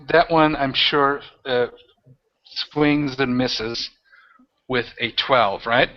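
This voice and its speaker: A man narrating as game master of a tabletop role-playing game, talking in halting, rambling bursts with many restarts. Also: medium pitch, fairly even intonation. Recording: dull lo-fi audio.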